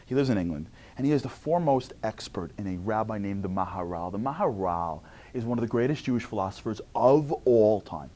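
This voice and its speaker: New guy doing a funny motivational talk, gets loud then drops to almost a whisper. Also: fairly low pitch, fairly quick. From New York. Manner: animated, swings between loud outbursts and hushed near-whispers. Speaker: motivational speaker. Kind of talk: comic inspirational talk.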